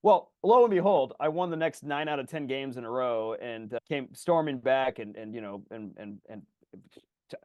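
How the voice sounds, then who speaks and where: A man co-hosting a podcast, telling stories in casual chat, swearing freely and loudly acting out his own thoughts. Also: mid-range voice, normal speed, dry recording, muffled recording. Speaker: podcast co-host.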